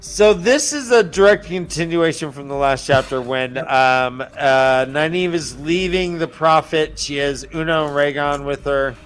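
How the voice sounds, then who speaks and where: A man's voice: fairly high pitch, a bit bright. A man hosting a book podcast who recaps chapters casually, with many "uh"s and "um"s. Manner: unhurried, filler-heavy recapping. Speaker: podcast host summarizing chapters.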